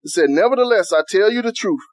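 Male preacher, high voice, dry close sound, plainspoken conversational delivery. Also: expressive, fast talker, dry recording. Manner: conversational preaching with Southern American vernacular. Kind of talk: sermon.

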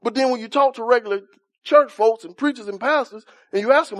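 A man preaching an impassioned sermon in informal church speech, swinging from loud shouts down to quiet, soft lines. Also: extremely high pitch, fairly quick. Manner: impassioned, rising to shouts then dropping soft.

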